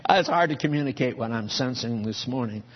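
A man's voice: mid-range voice, slightly rough, dull audio. A man preaching a sermon in a church, folksy and conversational, chuckling at his own asides.

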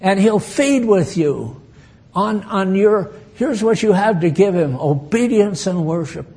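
A man's voice: sits high, animated, measured pace, dark tone. An older man preaches in a slightly raised voice, taking his time. He jokes with the people in front of him, asks them questions and chuckles at his own remarks. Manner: folksy, bantering with the congregation, chuckling asides. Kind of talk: sermon.

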